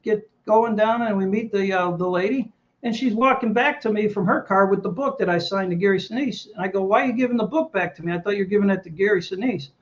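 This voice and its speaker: The lo-fi audio catches a middle-aged Navy veteran, a fast talker with a high-pitched voice, spinning a lively tale in a casual interview and repeating what other people said.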